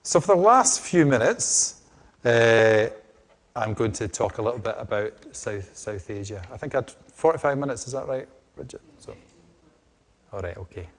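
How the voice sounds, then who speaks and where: A man's voice: medium pitch, animated, moderate pace. A middle-aged man from Scotland with a strong Scottish accent, giving an academic lecture with frequent restarts and fillers. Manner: hesitant, many restarts and fillers. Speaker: lecturer on groundwater.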